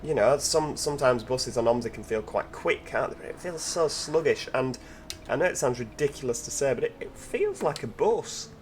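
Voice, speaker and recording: Speaking in an animated, mid-range voice at a moderate pace, this gaming channel host narrates his driving gameplay with enthusiasm over slight background noise. He chats to the in-game passengers and peppers his talk with tag questions.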